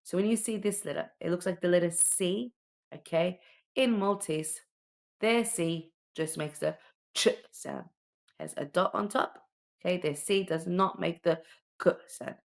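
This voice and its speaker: A woman's voice: on the low side, measured pace, vocal fry. A woman teaching children the alphabet, patiently sounding out each letter and often checking in with "okay?". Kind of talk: slow alphabet lesson for children.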